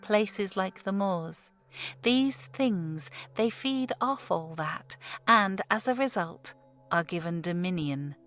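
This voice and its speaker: A woman voicing an old male pub landlord with a broad Yorkshire accent, speaking slowly and deliberately, calm and ominous. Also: medium pitch, soft background music. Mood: grave. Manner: broad dialect, slow and deliberate.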